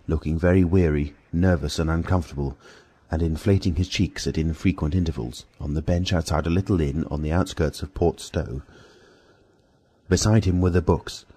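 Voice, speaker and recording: Very deep, husky male narrator. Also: dark tone. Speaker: audiobook narrator. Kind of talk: scripted narration.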